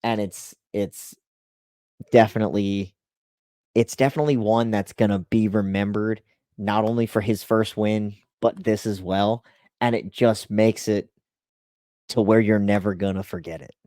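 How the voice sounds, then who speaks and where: A man who works as a race team spotter, casually telling a story with animated delivery and lots of "like" and "you know". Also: on the low side, measured pace, no echo, studio quality.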